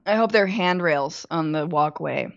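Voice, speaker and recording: A woman guest on a political comedy chat, making mocking, deadpan jokes. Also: sits low, moderate pace, creaky, highs cut off.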